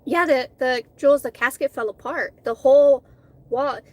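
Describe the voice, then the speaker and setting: A woman's voice: high-pitched, normal speed. Candid, heated woman vlogger. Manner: candid, heated storytelling with frequent swearing; chatty, with many restarts and fillers. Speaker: food vlogger. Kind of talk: casual chat while eating.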